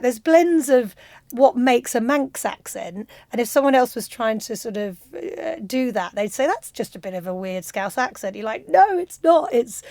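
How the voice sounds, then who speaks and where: A woman's voice: on the high side, darkish tone, dry recording. A middle-aged woman from London with a London accent, a choreographer and director chatting enthusiastically as a radio interview guest on a studio mic. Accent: London English.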